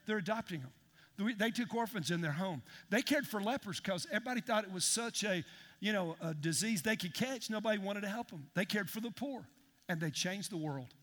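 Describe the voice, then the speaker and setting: A pastor with a high, slightly bright voice preaches emphatically, calling out to his congregation in a large church hall. Long reverb from the hall fills the recording.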